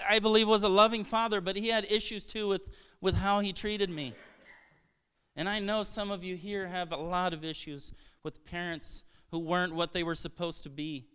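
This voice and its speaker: A man from Brazil preaching to his congregation in a high, very clear voice. He talks earnestly and conversationally, restarting phrases and tossing out rhetorical questions. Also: pushed and bright. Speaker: pastor. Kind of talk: sermon.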